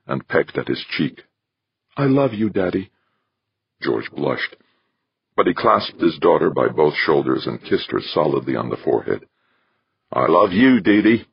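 A male audiobook narrator with an extremely deep, husky voice. His reading is measured but lively in pitch. The recording is dry and a little muffled. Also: no room sound. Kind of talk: scripted narration.

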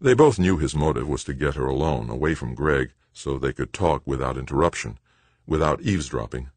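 A man reading an audiobook in measured, expressive scripted narration. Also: extremely low pitch, dry recording.

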